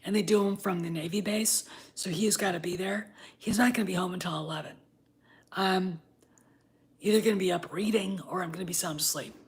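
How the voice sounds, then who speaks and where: A woman in her fifties ranting in a casual vlog. She swears a lot and swings from low muttering to loud, heated outbursts, with wine in hand. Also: a little fast. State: drinking wine. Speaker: vlogger.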